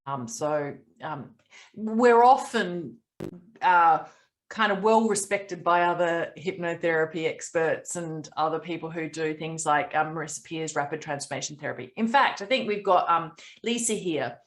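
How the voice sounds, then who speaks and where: A woman hosting a group mentoring video call, chatting casually with lots of pauses and ums. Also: low voice.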